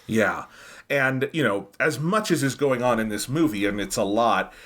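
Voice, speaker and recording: A man's voice: mid-range voice, normal speed. A man co-hosting an anime review podcast, talking through a film's themes in a casual, analytical way that livens up when he quotes characters. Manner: thoughtful, animated when quoting characters. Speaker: podcast co-host.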